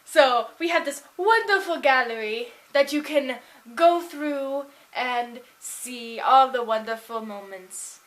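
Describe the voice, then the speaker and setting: A woman plays a rambling game show promoter who stretches out her words and gushes over every detail in an improvised bit. The voice sits high and bright, with a slow, salesy lilt. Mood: effusive. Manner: slow, drawn-out, effusive salesy delivery. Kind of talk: improvised character monologue.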